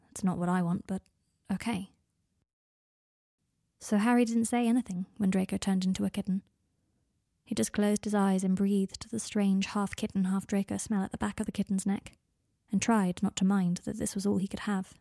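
A woman calmly reading a romance story aloud as its narrator. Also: mid-range voice, fairly quick, creaky, no echo, clean studio sound. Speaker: fan fiction reader.

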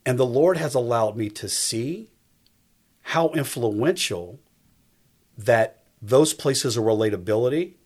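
A man in his fifties, guesting on a faith talk show, speaks slowly in a medium-pitched voice that is expressive, a little mellow, and slightly rough. He delivers his words emphatically, like a preacher, and repeats his key phrases.

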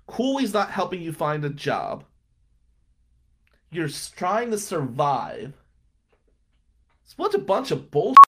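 A man's voice: wildly swooping pitch, slow pace, pauses often. A man in his thirties from Atlantic City, a trial attorney talking bluntly and with plenty of swearing about his hard early career. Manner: blunt and profane, swings from low and subdued to loud and heated. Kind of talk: candid interview monologue.

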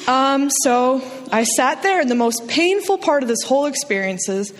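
A woman from New Jersey tells a comic personal story on stage. Her voice sits a little high and leaps higher when she quotes people, and her tone pokes fun at herself. The sound rings with a long hall reverb. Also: animated, normal speed. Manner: self-deprecating, jumps high for quoted voices. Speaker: storyteller at a live show. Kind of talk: live comedic storytelling.

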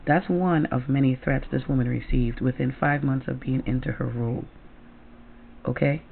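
A woman talks bluntly and heatedly, swearing freely and checking in with "right?" and "okay?" as she goes. Her voice has a gravelly edge. The audio is thin and tinny, as if over a phone line. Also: very deep voice, steady tone, normal speed, a little hiss or hum. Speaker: commentator. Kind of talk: angry political commentary.

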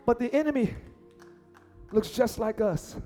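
A man preaching a lively sermon as pastor, acting out voices and shouting lines for emphasis. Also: very high-pitched, a little slow, faint music behind.

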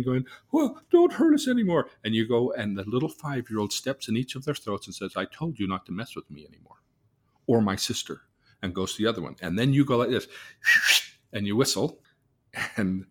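A man, a therapist, telling a case story, acting out the voices of the people in it and moving between soft, low asides and loud, excited bursts. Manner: vivid storyteller, acts out the people in his stories.

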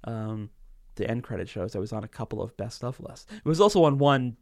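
Man, middle pitch, easygoing film chat, dry close mic. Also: expressive, darkish tone, no echo. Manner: laughs often, quick easy replies. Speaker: podcast co-host.

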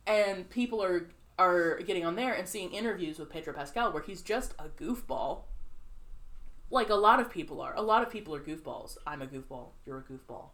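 A woman's voice: lowish voice, brisk. A woman co-hosting a podcast in casual chat, rambling with many fillers and acting out quoted reactions. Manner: rambling, filler-heavy, animated quoting. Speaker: podcast co-host.

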